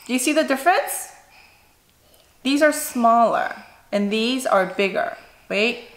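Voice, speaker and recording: A woman's voice: on the high side, expressive, measured pace. Chatty woman vlogger, echoey kitchen. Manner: chatty, demonstrative, addressing viewers directly. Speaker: cooking vlogger. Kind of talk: casual chat to camera. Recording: echoey room, faint noise.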